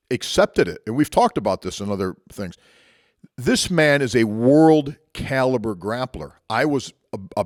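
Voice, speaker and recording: A man's voice: mid-range voice, dry recording, studio quality. A man telling a personal martial arts story as a motivational talk, conversational and reflective with frequent restarts.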